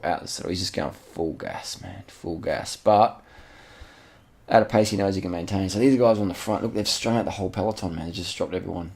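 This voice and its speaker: A man giving excited, slangy, repetitive commentary over race footage, with casual swearing. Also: low-pitched, a little fast. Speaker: channel host.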